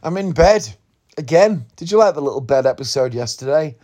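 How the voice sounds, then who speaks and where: A man's voice: on the high side, animated, brisk, dark tone. A man with a slight northeast English accent, hosting a casual morning podcast from his bed, chatty and rambling, sounding groggy and just woken up. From northeast England. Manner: rambling, chatty, self-mocking. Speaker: podcast host. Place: in bed at home.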